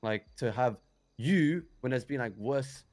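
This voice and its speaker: A man's voice: mid-range voice, a little slow, darkish tone. Rambling young man. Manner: rambling, hesitant, many restarts and fillers. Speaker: roleplayer in character. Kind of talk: in-character roleplay recounting events.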